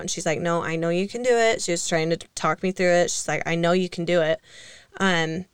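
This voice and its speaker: A woman's voice: fairly low pitch, steady tone, a little fast, smooth, no room sound, clean studio sound. A young woman co-hosting a casual podcast, telling stories in a chatty way with fillers and laughs. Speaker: co-host.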